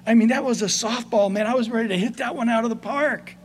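Pastor guy preaching, kinda high voice, goes soft then punchy, faint hum behind. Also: fast. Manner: conversational, swings between soft and emphatic. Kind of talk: sermon.

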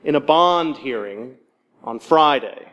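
A man preaching a sermon, measured and paced with dramatic pauses. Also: medium pitch, animated, a bit bright, lo-fi sound. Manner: measured, with dramatic pauses and voiced quotes of the disciples.

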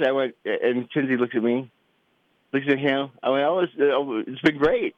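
Middle-aged dad telling an old family story, lots of restarts, kinda dull dry sound. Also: male voice, mid-range voice, moderate pace, dry recording. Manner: animated, acts out quoted voices, many restarts. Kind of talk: casual storytelling.

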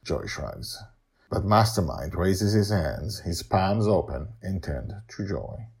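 A man narrating his own serialized storybook podcast, with animated, rambling asides to listeners. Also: sits low, slow pace, vocal fry, husky. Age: older. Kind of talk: storybook narration and casual chat.

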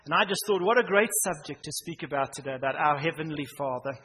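A man's voice: fairly high pitch, quick pace, breathy edge. Male preacher in a reverberant hall. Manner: dramatic swings from loud emphasis to near-whisper. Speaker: pastor. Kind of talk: sermon. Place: church hall. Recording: reverberant church hall, faint noise.

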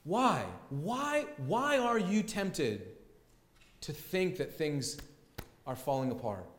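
Male pastor, sermon delivery, emphatic and repetitive, slightly high voice, roomy hall reverb. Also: very animated, slow pace, fairly bright tone. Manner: emphatic, repeats key words for stress. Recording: echoey hall with long reverb.

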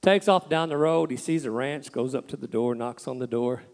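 A man's voice: mid-range voice, moderate pace, gravelly, darkish tone, long reverb tail. Folksy man preaching in a church. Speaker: pastor. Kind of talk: sermon.

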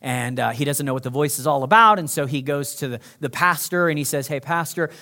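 A male pastor preaching a sermon, moving from loud, urgent calls to soft, hushed prayer. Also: medium pitch, steady tone, brisk.

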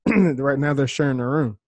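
A man in his thirties chatting as a guest, halting and often repeating words as he thinks. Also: medium pitch, darkish tone, no room sound. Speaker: podcast guest. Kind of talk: casual chat.

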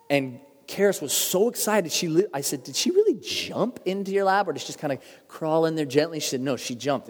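A man's voice: medium pitch, a little mellow. Preaching man in a reverberant hall. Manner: earnest storytelling preacher, shifts pace for emphasis. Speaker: pastor. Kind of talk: sermon. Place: church sanctuary.

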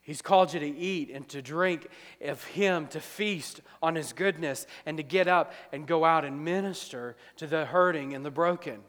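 A man's voice: fairly high pitch, normal speed. Preaching man in a reverberant hall. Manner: preaching, acts out dialogue, rises loud then drops quiet. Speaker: pastor. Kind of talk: sermon.

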